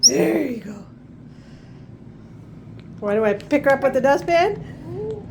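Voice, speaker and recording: High, lively woman coaxing her pet. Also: slow, gravelly, pauses often, slight background noise. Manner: playful, teasing, sing-song coaxing. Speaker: pet owner filming her parrot. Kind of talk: casual talk to a pet. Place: home, indoors.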